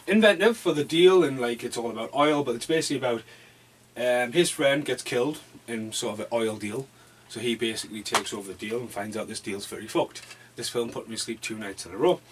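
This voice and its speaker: In a loose home vlog, a man with a regular mid-range voice rambles through a stack of films, hopping between thoughts and cursing freely. He's a movie reviewer, and his dim room leaves a faint hiss beneath the recording.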